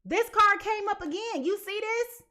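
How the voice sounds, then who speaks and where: A woman's voice: very high voice, measured pace, sharp tone. A woman giving a live tarot reading in a blunt, emphatic way, repeating her points. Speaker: tarot reader.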